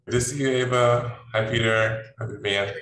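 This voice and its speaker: A man's voice: medium pitch, steady tone, moderate pace, fairly bright tone. A panelist, a man who is out of breath, greeting the others on a video call. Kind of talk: casual chat. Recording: roomy, distant video call.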